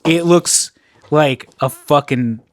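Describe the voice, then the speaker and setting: A man's voice: fairly high pitch, slow. A man co-hosting a casual podcast, rambling and swearing freely as he chats and laughs. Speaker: podcast co-host. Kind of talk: casual chat.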